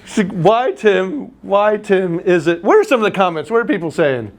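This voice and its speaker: A man teaching a live real estate class, telling stories and teasing the room. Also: high voice. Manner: animated storyteller, teasing, quick asides. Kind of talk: live class lecture with anecdotes.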